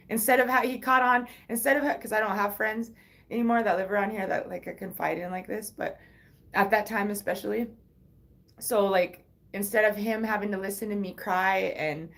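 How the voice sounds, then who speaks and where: A woman's voice: mid-range voice, gravelly. A woman livestreaming, telling a personal story in a rambling, frank way with heavy swearing.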